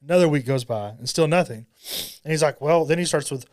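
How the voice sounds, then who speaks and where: A man's voice: a little high, a little fast, darkish tone. A man chatting on a podcast, telling a long anecdote and acting out what people said to him in different voices. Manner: storyteller acting out quoted dialogue. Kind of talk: casual podcast chat. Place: podcast studio.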